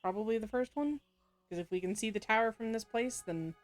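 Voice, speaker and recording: A woman's voice: on the high side, brisk, soft background music. A woman playing a story game, reading its text aloud and adding casual comments, often laughing and correcting herself. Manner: frequent laughs and self-corrections while reading. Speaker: game player.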